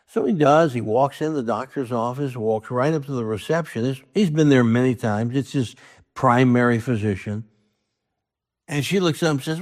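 Man telling a folksy joke. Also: mid-range voice. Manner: folksy, halting with restarts, acts out characters' lines. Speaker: joke teller. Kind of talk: casual storytelling.

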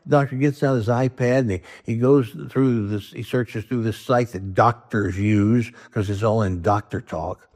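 A man's voice: fairly low pitch, steady tone, moderate pace, darkish tone. A man telling a long joke in a folksy, casual way, with plenty of restarts, acting out each character's lines. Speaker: joke teller. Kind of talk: casual storytelling.

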